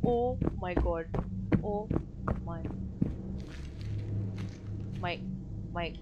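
A woman's voice: fairly low pitch, drawn-out words, muffled recording, heavy background noise. A young woman, chatting through her own gameplay as a streamer and talking to her viewers. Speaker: game streamer. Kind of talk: live gameplay commentary.

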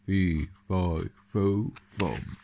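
A man voicing a huge, gruff, hungry male giant in a storybook reading, calling out loudly. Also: low-pitched, steady tone, very slow, slight background noise, full character voice. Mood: booming.

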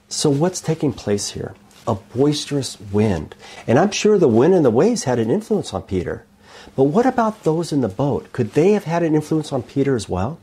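A male preacher delivering a sermon with rhetorical questions and emphatic, expressive delivery. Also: mid-range voice, normal speed, breathy edge.

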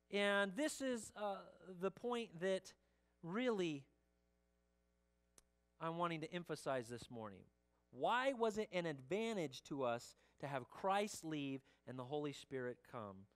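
A pastor preaching a sermon in a church, slow and emphatic, dropping the voice low at the ends of phrases and asking the congregation direct questions. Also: sing-song.

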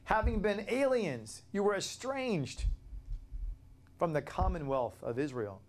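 A man from Florida teaching an informal Bible study, conversational and animated, asking rhetorical questions and often restarting his words. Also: sits high, measured pace. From Florida, USA. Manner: repeats and restarts words while thinking.

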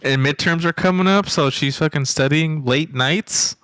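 A man co-hosting a casual film review podcast, halting and restarting, with crude jokes. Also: fairly high pitch, fairly bright tone, smooth, dry recording. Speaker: podcast co-host.

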